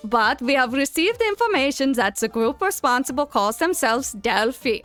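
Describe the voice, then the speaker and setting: A woman's voice: high voice, sing-song, normal speed, a bit bright, soft background music. A woman voicing an official who gives a grave, formal briefing in a put-on accent.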